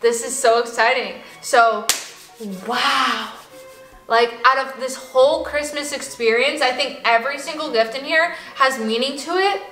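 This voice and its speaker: A high, bright young woman vlogging at home. She gushes in a bubbly way, peppers her talk with "like" and breaks into excited gasps. The room sounds echoey, with faint music playing underneath. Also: measured pace. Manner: bubbly, gushing, fillers of "like", gasping with excitement. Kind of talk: excited casual vlog.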